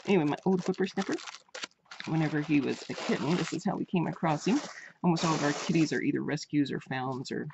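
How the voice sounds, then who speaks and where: A woman's voice: deep voice, fast talker, vocal fry, background noise. A woman vlogger chatting casually while unboxing crafts, gushing and repeating her praise. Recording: dull lo-fi home recording.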